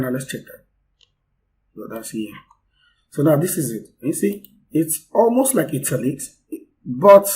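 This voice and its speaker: Mellow-voiced man teaching code. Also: medium pitch, rough recording. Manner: unscripted, explaining step by step with fillers. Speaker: coding instructor. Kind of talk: screen-recorded coding tutorial.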